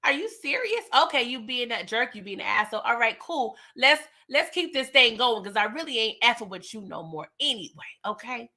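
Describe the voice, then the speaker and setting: A woman hosting a casual TV recap and review. She is animated and slangy, and talks straight to her viewers. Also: on the high side, brisk, hardly any pauses. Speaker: TV recap host.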